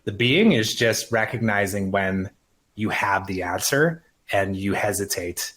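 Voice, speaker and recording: Earnest low-voiced man, emphatic. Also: expressive, measured pace, fairly bright tone. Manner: earnest, emphatic, swears casually. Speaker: podcast guest. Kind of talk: emotional personal conversation.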